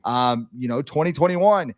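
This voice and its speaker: A man's voice: medium pitch, normal speed, no echo. A young man co-hosting a casual sports podcast, talking animatedly and joking around. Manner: animated, jokey, acts out quoted voices. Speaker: podcast co-host.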